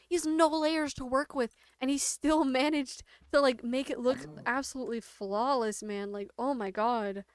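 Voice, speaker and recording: A young woman chatting loosely while she plays, her fairly high voice a bit strained from a sore throat. She rambles along with plenty of "like" fillers and frequent laughs. The sound is close and dry, with no room around it. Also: smooth, no room sound. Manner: rambling, heavy use of "like" fillers, laughs often. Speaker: streamer. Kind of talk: casual chat while gaming.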